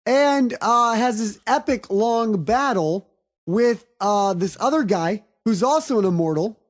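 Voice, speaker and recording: A woman's voice: a little high, animated, unhurried. A woman co-hosting a podcast, chatting eagerly and swearing casually as she retells a story. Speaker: podcast co-host. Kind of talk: casual chat.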